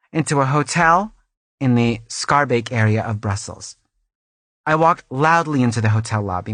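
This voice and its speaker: A man playing a vain, self-absorbed woman author who reads her florid travelogue aloud in a deadpan comic style, fussing over and restarting her lines in a recording booth. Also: medium pitch, creaky, no echo. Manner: fussy, florid, keeps restarting and correcting lines. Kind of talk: deadpan comic audiobook reading.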